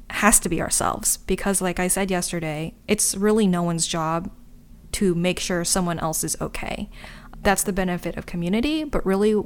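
A woman's voice: on the low side, clear, resonant tone. A woman talking candidly to her viewers in a casual, chatty way, wandering off into asides. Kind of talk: casual chat to camera.

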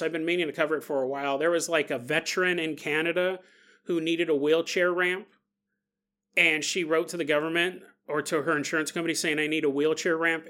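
Man, podcast host, high voice, casual joking monologue, laughs a lot, acts out quotes. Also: bright, forceful tone.

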